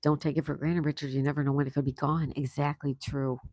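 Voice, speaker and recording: A man's voice: fairly high pitch, flat delivery, fast talker, a little mellow, dry recording. A man hosting a casual livestream, reading viewer comments aloud and reacting with easy laughs. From United States. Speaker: livestream host reading chat. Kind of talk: casual live chat.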